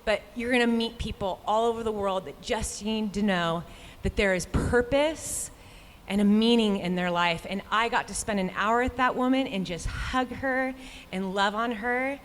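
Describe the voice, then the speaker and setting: A woman's voice: medium pitch, moderate pace. A woman, a professional runner, telling a heartfelt personal story to a live audience with earnest quoted inner thoughts. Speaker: professional runner and guest speaker. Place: live stage event in a large hall. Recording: long reverb of a live venue.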